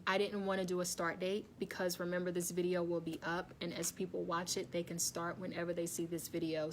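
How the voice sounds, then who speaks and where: A woman's voice: on the low side, a little hiss or hum. Chatty woman hosting a live stream. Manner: chatty, laughs often, greets commenters by name. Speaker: wellness livestream host. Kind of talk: casual live-stream chat with viewers. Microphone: phone or webcam facing her.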